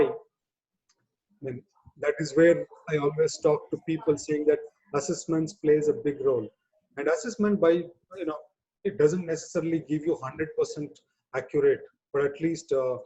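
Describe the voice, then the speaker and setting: Mellow man giving a webinar talk. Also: on the high side, highs cut off. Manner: conversational, frequent "you know" fillers. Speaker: webinar speaker on people management.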